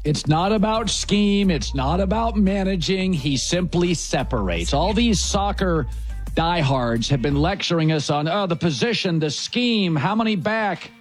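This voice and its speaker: A man hosts a sports talk show with a high, lively voice that leaps up and down as he hammers home his points. His delivery is blunt and punchy, set over faint music. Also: measured pace.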